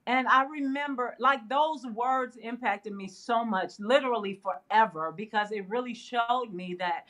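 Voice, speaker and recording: Bright-voiced woman telling a story. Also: a little high, measured pace. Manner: animated, laughs often, fillers like "you know". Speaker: guest. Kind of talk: casual storytelling. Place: interview studio.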